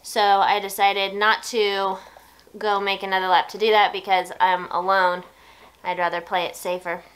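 A woman lying down at home and talking to a nearby camera in a casual vlog. She explains each step calmly and keeps breaking off to praise her dog softly. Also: medium pitch, normal speed. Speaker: vlogger filming her service dog. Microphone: camera set low nearby.

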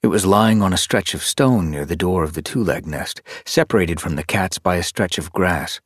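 A man narrating an animal adventure audiobook in an expressive, storytelling manner. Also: low voice, normal speed, no echo, clean studio sound. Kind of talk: scripted narration. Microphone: close studio mic.

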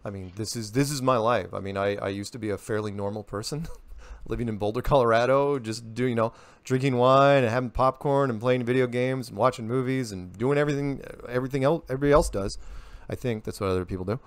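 A man giving casual, animated interview answers, full of rhetorical questions and quips. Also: mid-range voice, fast talker, dry recording. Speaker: interview guest.

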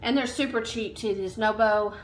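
A woman's voice: mid-range voice, moderate pace, reverberant, slight background noise. A woman chatting casually in a home haul vlog, upbeat, with lots of ums and likes. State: out of breath while standing. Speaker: vlogger. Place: room at home.

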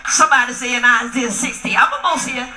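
A middle-aged woman pastor preaching in a call-and-response style, often shouting to the congregation. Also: fairly high pitch, fast. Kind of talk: sermon. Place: church hall. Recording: echoey room with music.

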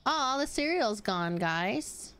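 Animated, excitable woman gaming streamer. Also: a little high, slow pace, slight background noise. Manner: excitable, yelps and swears at the game, chats to viewers. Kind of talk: live gaming stream chat.

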